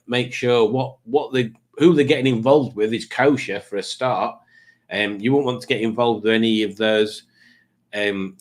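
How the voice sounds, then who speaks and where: A man hosting a casual live stream, rambling and joking as he reads out viewer comments, with plenty of restarts. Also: lowish voice. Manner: rambling, jokey, waffling with many restarts.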